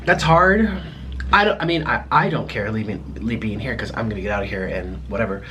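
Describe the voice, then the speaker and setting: A young American man talking casually to his viewers at home in a rambling, halting way, full of restarts. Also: lowish voice, sharp tone, a little hiss or hum. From United States. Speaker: mukbang vlogger. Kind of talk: casual vlog monologue to viewers.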